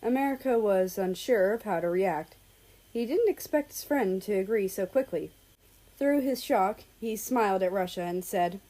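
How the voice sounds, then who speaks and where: A woman reading a piece of fan fiction aloud, narrating calmly and evenly. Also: medium pitch, moderate pace, rough recording. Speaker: story reader.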